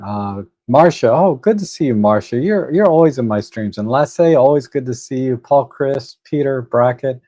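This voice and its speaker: A man's voice: medium pitch, expressive, moderate pace, few pauses, warm tone, dry recording. A man hosting a photo editing livestream, chatting casually and thinking aloud with fillers and restarts as he works at his computer. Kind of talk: casual live stream commentary. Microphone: desk microphone.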